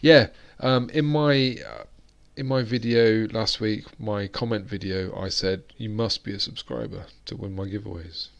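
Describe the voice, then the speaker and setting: A man's voice: on the low side, fairly even intonation, a little slow, gravelly, few pauses, highs cut off. A British man hosting a live-stream chat, rambling along with plenty of fillers and restarts. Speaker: host.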